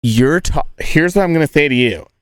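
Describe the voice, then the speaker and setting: A man's voice: fairly high pitch, lively intonation, normal speed, clear, resonant tone, dry recording. A young man streaming from inside a tent, chatting and telling stories in a crude, joking, rambling way. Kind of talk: casual live-stream chat and storytelling.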